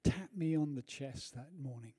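Mellow-voiced preacher man. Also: medium pitch, moderate pace, breathy edge. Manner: earnest storytelling, shifts from hushed to loud. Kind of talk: sermon. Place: church.

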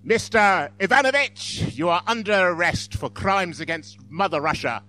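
A man voicing a stern Russian secret policeman in a slow, drawn-out delivery. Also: sits high, expressive, bright, forceful tone, faint music behind.

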